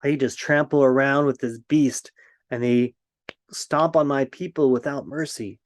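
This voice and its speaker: A man's voice: medium pitch, measured pace, dry recording, studio quality, close to an everyday voice. A man voicing a tiny, proud ant king who speaks up with indignation. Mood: angry.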